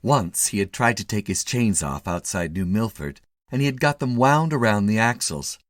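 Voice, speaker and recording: A man narrating a classic short story with an expressive, animated reading. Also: on the low side, normal speed, dry recording, clean studio sound. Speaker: story reader.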